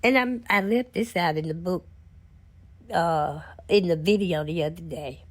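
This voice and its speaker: Lady vlogging family stories, kinda husky voice, folksy and heartfelt. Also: on the low side. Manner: heartfelt, folksy, unhurried storytelling. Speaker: vlogger and author. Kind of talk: casual storytelling to camera.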